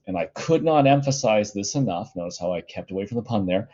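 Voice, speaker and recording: A middle-aged male high school teacher giving a casual, chatty recorded lesson from home, with plenty of fillers. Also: animated, a little fast, hardly any pauses, warm tone, muffled recording.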